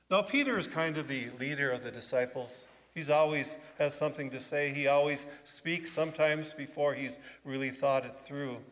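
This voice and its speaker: A man preaching as a pastor in a church, telling a story in an animated way and putting questions to his listeners. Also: fairly high pitch. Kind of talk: children's sermon storytelling. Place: church sanctuary. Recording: long church reverb.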